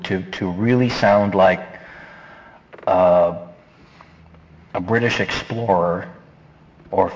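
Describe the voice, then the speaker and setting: A man giving casual, animated, rambling advice on voice acting, slipping into quick character voices. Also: lowish voice, muffled recording. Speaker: voice acting instructor. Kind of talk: casual instructional talk.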